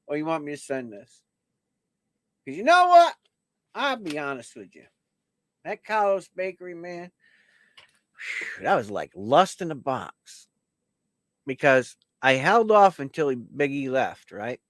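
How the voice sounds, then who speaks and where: A man's voice: fairly high pitch, very animated, a little slow, long pauses, no room sound. A man hosting a coin auction livestream, chatting casually and joking as he talks straight to his viewers.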